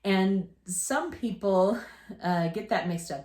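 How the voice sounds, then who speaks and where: A woman's voice: mid-range voice, expressive, normal speed, a little mellow. A woman in her fifties, co-hosting a casual chat, telling rambling family stories with restarts and laughter. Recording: echoey room.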